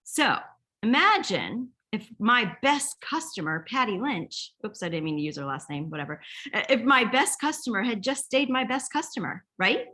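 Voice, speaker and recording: A woman's voice: a little high, big pitch swings, moderate pace, bright, forceful tone. A middle-aged woman leading a sales team, giving a chatty, rambling motivational training talk and telling stories. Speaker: direct sales team leader.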